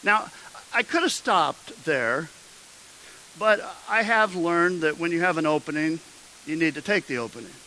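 A man preaching a sermon, his voice bright and forceful and a little high. He tells his story in a loose, conversational way, stumbling and restarting, before rising into emphatic exhortation. A faint hiss sits under the recording. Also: animated, measured pace, low-quality recording. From Midwestern United States. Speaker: pastor.

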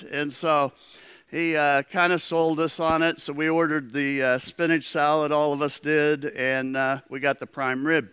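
A man's voice: a little high, flat delivery, a little slow, fairly bright tone, smooth, dry recording, clean studio sound. A man preaching a sermon as pastor, in a conversational storytelling manner.

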